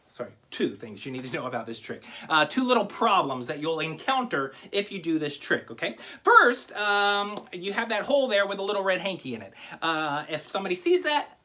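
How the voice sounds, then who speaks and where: A man's voice: high voice, sharp tone. A man giving a comic magic lecture to camera, teaching a trick while joking, rambling and interrupting himself. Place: home video recording.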